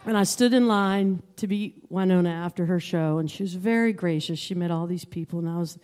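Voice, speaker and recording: A woman musician in chatty onstage banter, telling a quick story and laughing often. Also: lowish voice, darkish tone, big-room sound. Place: live concert stage.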